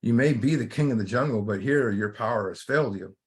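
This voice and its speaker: A man doing a gentle, faithful cow. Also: medium pitch, brisk, natural voice. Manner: gentle, quiet. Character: calm, faithful cow stuck in mud.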